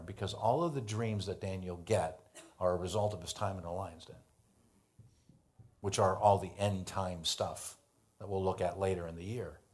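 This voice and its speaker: An American man preaching a sermon as pastor, telling a Bible story with animated voices for the characters. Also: lowish voice. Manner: animated storytelling, acts out biblical dialogue.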